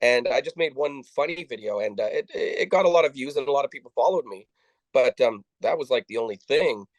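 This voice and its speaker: A man, an interview guest telling his story in a halting way, with many restarts and quoted dialogue. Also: mid-range voice, lively intonation, dry recording, rough recording. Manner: halting, with frequent restarts and repeated words; acts out the dialogue of people he quotes. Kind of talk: conversational storytelling.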